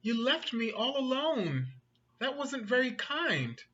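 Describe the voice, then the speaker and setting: A man's voice: very high-pitched, big pitch swings, slow pace, sharp tone, highs cut off, voice pushed up, exaggerated voice. A man doing Dex, an earnest young dragon. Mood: hurt. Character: big clumsy young dragon, rough but sweet-hearted.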